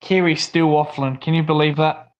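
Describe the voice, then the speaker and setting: A man's voice: fairly high pitch, fairly even intonation, moderate pace, lo-fi sound. A young Australian man co-hosting a livestream, chatting casually and ranting with lots of swearing. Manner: swears a lot, rants. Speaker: livestream co-host. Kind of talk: casual stream chat.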